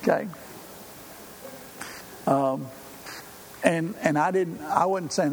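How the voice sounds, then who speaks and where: A man's voice: a little high, slow pace, long pauses, darkish tone. An older man preaching a sermon in a folksy, conversational way, with frequent fillers. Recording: hall reverb, faint room noise.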